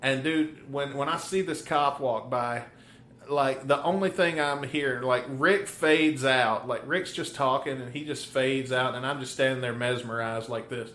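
A man's voice: mid-range voice, unhurried, fairly bright tone, a little hiss or hum. A man co-hosting a podcast, telling stories in casual chat, swearing and laughing often while chewing gum. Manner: profane, laughing storyteller. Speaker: podcast co-host.

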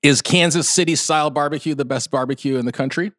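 A man's voice: a little high, fast talker, a bit bright, dry recording. Man with a dry, wry delivery. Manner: wry, chuckling, repeats himself. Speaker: podcast co-host. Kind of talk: casual food chat.

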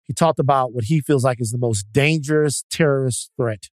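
A man's voice: medium pitch, moderate pace, dry recording, studio quality. A man co-hosting a podcast who probes and pushes back with questions. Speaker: podcast co-host. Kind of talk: casual chat.

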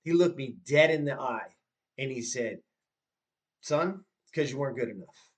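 A man of fifty from Southern California, telling a personal story as a guest in a conversation, animated and given to repeating himself when moved. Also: mid-range voice, moderate pace. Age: 50s.

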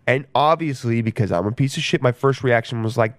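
A man's voice: medium pitch, fairly quick, few pauses, no room sound. A young man rambling casually in a profane, self-mocking monologue as a podcast host.

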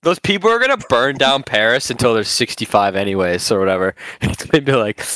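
A man's voice: mid-range voice, a little fast, smooth, dry recording. A man co-hosting a casual podcast, ranting loosely and swearing often. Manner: profane, animated ranting. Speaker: podcast co-host. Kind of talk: casual banter.

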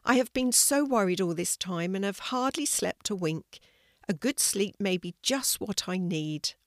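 Older woman doing a little pink teddy bear for a storybook, lifted pitch, soft, sometimes short-tempered. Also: lively intonation, measured pace, no echo, clean studio sound. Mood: wistful. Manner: soft storybook voice, raised and brighter. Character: lost female pink teddy bear, gentle, easily cross.

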